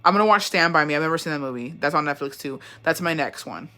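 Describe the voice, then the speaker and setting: Host ranting casually, foul-mouthed and worked up, with a bright, sharp edge. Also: mid-range voice, fast. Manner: profane, animated, swears constantly. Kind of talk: casual rant.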